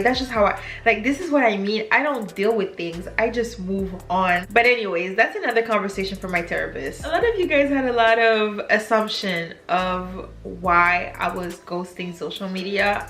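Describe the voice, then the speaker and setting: A young woman with a French accent shares candid thoughts in a confessional YouTube vlog, switching into French in the middle of sentences. Her mid-range voice has a fairly bright tone, and the recording carries room echo and faint music.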